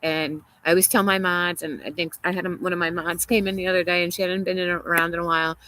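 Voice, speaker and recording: A woman with a lowish voice hosts a casual livestream outdoors in a garden, going through viewer comments in a chatty, opinionated way and laughing often. She speaks quickly in a level but sharp tone, and the recording is rough.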